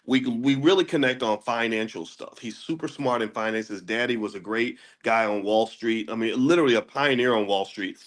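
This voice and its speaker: A man hosting a daily finance class. He talks in a casual lecture style, often restarts and repeats words, asks rhetorical questions, and jumps to a high pitch when he makes a point. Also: normal speed, few pauses.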